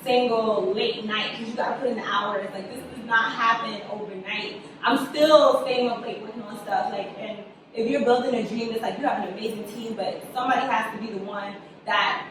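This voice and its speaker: A woman's voice: a little high, a little fast, hardly any pauses. A young adult woman, a guest writer and director, chatting casually in an interview, telling stories animatedly and acting out quotes with frequent laughs. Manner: animated storyteller, acts out quotes, laughs often. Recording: echoey room, distant mic, background noise.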